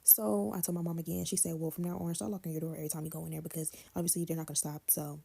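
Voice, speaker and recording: Low, gravelly young woman telling a story. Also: level tone, rapid-fire, warm tone. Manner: slangy, offhand, quotes others. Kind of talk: casual storytime.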